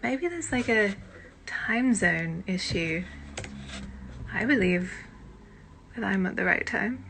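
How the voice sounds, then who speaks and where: A British woman hosting a casual live-stream chat on her phone, chatty and self-deprecating, with quiet muttered asides. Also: mid-range voice, expressive, slow pace, creaky, long pauses, a little hiss or hum. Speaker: host.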